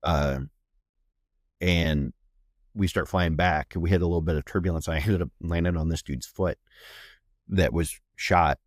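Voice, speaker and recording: A man's voice: deep voice, fairly even intonation, measured pace, pauses often, no room sound, clean studio sound. A man from Ohio, a flight medic, telling blunt, profane, matter-of-fact war stories in a casual podcast interview. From Ohio, USA.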